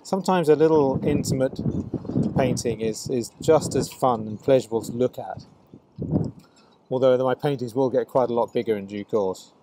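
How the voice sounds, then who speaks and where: A man casually talking through his painting outdoors by a harbour, halting and repeating himself as he works, with a clip-on mic. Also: medium pitch, rough recording. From Scotland. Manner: talks to himself while painting, halting and repetitive. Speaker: plein air painter. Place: outdoors by a harbour on a windy day. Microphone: wireless clip-on mic. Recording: loud wind noise outdoors.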